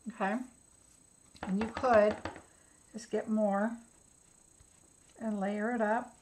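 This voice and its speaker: A woman hosts a relaxed craft tutorial at an ordinary pitch. She talks viewers through each step in a chatty, instructive way, musing aloud about her choices as she works. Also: slow pace, a little hiss or hum, low-quality recording. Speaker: craft demonstrator.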